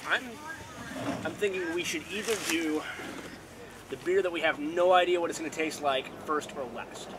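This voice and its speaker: A man's voice: a little high, steady tone, moderate pace. Wisecracking man, noisy outdoor event. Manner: dry, wisecracking. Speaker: airsoft team member. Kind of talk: casual chat. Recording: outdoor event with clear background noise.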